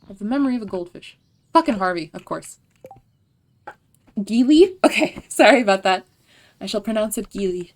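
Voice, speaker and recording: A woman's voice: mid-range voice, lively intonation, quick pace. A young woman livestreaming a farming video game, chatting casually with viewers, laughing and swearing offhandedly. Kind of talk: casual gameplay chat.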